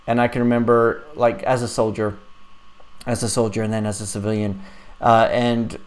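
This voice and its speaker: A man's voice: lowish voice, flat delivery, normal speed. A man in his forties hosting a casual live stream, rambling and laughing as he reads out viewer questions. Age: 40s. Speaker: live stream host and app developer.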